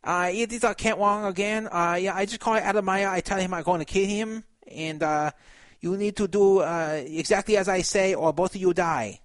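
Comic bit: man hamming up a threatening phone bookie, pitched up, clumsy fake accent, dry close sound. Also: normal speed, dry recording, natural voice. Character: menacing made-up male bookie on the phone.

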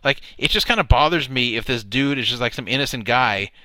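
A man's voice: mid-range voice, expressive, a little fast, pushed and bright, no echo. A man hosting a casual talk show, stammering and cautious as he talks things through. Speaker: podcast host.

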